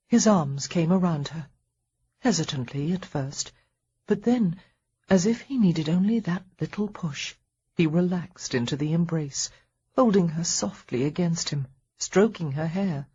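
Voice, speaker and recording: A woman narrating a historical romance audiobook in a soft, measured reading with a breathy voice. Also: lowish voice, expressive, lo-fi sound. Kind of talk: scripted narration.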